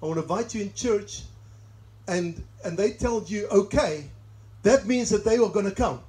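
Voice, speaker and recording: South African male pastor, higher voice with a mellow, warm tone, chatty sermon full of asides. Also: normal speed, rough recording. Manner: chatty, laughs at own asides. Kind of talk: sermon with personal stories. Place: church service in a greenhouse.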